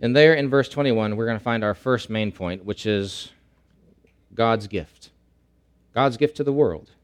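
A male pastor preaching a sermon, repeating key phrases and swinging between loud emphatic lines and slow, hushed ones. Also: mid-range voice.

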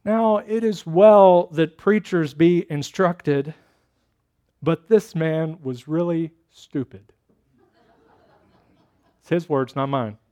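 A male pastor preaches a sermon in a fairly high voice. He tells his story slowly and dramatically, stretching out key phrases. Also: mellow.

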